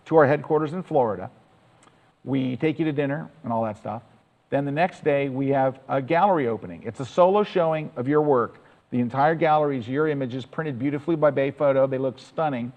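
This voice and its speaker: A man's voice: mid-range voice, darkish tone, in a large hall, rough recording. A man giving a chatty, enthusiastic storytelling talk to an audience as presenter.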